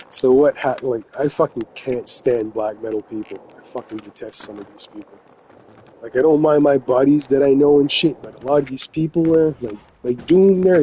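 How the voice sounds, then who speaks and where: A man's voice: medium pitch, warm tone, slight background noise, low-quality recording. A man from New Brunswick, Canada, telling a rambling, profane story in casual chat and laughing often. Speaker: gaming vlogger telling a story.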